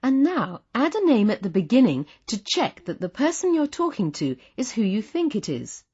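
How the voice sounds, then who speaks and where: A woman narrating a language lesson with a clear, patient teaching delivery. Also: fairly high pitch, sing-song, moderate pace, warm tone. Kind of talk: scripted instructional narration.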